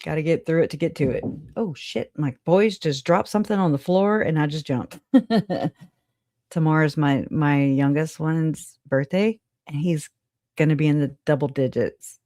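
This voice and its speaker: A woman's voice: sits low, measured pace, warm tone, dry recording, studio quality. A woman hosting a casual live stream, chatting loosely with viewers, laughing often and swearing casually. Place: home.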